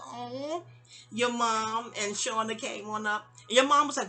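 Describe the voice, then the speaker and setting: A woman, telling a personal story in an animated, digressive, sassy way. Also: a little high, normal speed. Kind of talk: casual storytime monologue.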